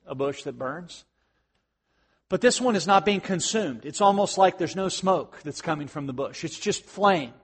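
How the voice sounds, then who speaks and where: A man preaching a sermon in a conversational way, dropping to hushed tones and rising to emphatic ones. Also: fairly high pitch, breathy edge, big-room sound. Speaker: pastor.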